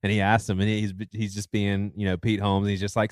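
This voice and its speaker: Animated storytelling podcast host, dry sound. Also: male voice, lowish voice, fairly quick, dry recording. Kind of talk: casual chat and ad read.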